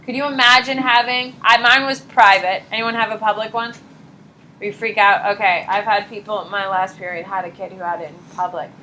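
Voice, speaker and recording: A young woman teaching high school psychology in a classroom, chatty and animated, often saying "like" and "uh". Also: brisk, slight background noise, low-quality recording. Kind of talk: casual classroom lecture.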